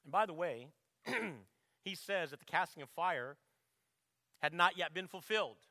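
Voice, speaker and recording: Male pastor, higher-pitched and bright, emphatic sermon delivery, dry close sound. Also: moderate pace, no echo. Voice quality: clears throat often. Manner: emphatic preaching, swelling loud on quotes, dropping low to reflect.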